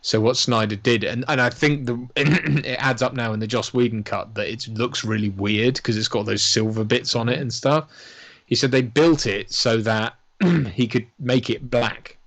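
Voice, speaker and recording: A man's voice: mid-range voice, fairly even intonation, moderate pace, a bit bright. A man casually chatting through a film watch-along, rambling and swearing, laughing often. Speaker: podcast co-host. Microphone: lavalier.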